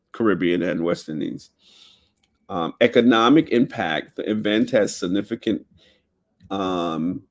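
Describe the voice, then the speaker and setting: A man's voice: on the low side, darkish tone. A man from Jamaica with a Jamaican accent, hosting a casual talk show and reading from his notes with loose asides. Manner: reads headings aloud, drifts into loose asides. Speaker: podcast host.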